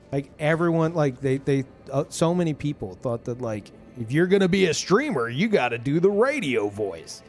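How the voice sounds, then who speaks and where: A young man streams a video game, ranting casually while swearing a lot and filling his speech with filler words. His voice is a little high and moves at normal speed with few pauses, and faint music plays behind him. He comes across as animated and profane.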